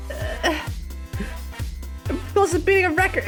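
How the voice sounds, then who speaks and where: A young woman chatting on a live stream, her pitch leaping from high squeals down to low mutters. She talks in an excitable, giggly way. Faint music plays behind her. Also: moderate pace. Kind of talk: casual live-stream chat.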